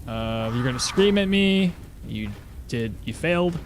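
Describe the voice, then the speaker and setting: A man's voice: mid-range voice, lively intonation, unhurried, noisy background. A man streaming a video game, chatting casually, thinking aloud and answering his chat as he plays. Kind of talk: live gameplay commentary.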